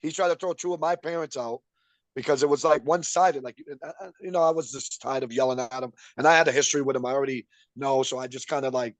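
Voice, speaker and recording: A man's voice: medium pitch, fast talker, no room sound, low-quality recording. A man who coaches youth basketball, talking casually on a podcast and telling a story with lots of fillers. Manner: animated storytelling, frequent fillers.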